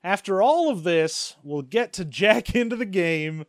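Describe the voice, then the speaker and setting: High-voiced joking man, dry sound. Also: animated, a little slow, no room sound. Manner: wry, joking, profane asides. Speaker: podcast co-host. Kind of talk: casual comedic chat.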